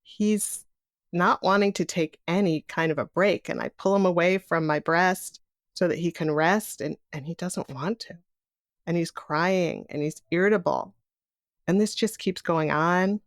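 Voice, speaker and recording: A woman's voice: fairly low pitch, measured pace, no room sound, studio quality. A middle-aged woman telling a personal story in present tense, acting out the voices of others. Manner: vivid, animated retelling in present tense, acting out quoted voices.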